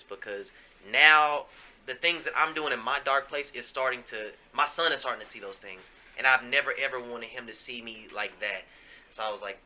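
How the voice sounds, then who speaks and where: Speaking briskly in a medium-pitched, sharp-toned voice, a podcast host tells a candid personal story. His delivery is casual, confessional and profane, full of fillers.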